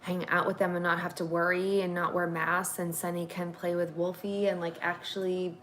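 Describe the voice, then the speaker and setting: Chatty woman with a low voice. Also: flat delivery, moderate pace, background noise. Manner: chatty, candid, lots of fillers. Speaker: vlog host. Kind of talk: casual chat. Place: home, at a table.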